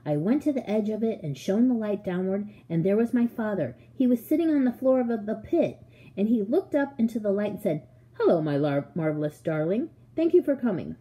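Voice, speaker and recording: A woman reading a children's novel aloud in an expressive, measured way. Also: medium pitch, muffled recording. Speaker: audiobook reader. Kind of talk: storybook narration.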